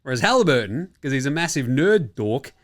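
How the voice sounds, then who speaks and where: A man's voice: mid-range voice, sing-song, brisk, a bit bright. A young Australian man hosting a casual sports chat show, jokey, rambling and full of swearing. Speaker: podcast host.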